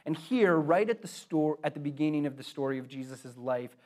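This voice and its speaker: Young male pastor, sermon delivery, earnest and conversational, slightly high voice. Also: animated, a little fast, a little mellow. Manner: earnest, conversational preaching with emphatic swells.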